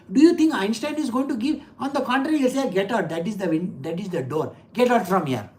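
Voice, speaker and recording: A woman's voice: mid-range voice, darkish tone. An older woman, giving a scripture class in a chatty way, asking rhetorical questions and laughing at her own stories. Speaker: spiritual teacher.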